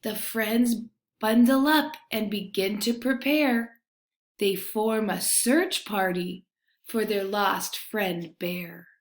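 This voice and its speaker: A woman reading a children's picture book aloud, gentle and expressive, with hushed refrains. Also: mid-range voice, slow pace. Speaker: storybook reader. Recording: roomy echo.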